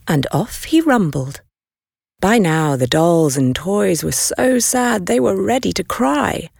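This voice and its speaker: A woman reading a children's storybook aloud, expressive and deliberate, doing many voices. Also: fairly low pitch, vocal fry, breathy edge, no room sound, clean studio sound.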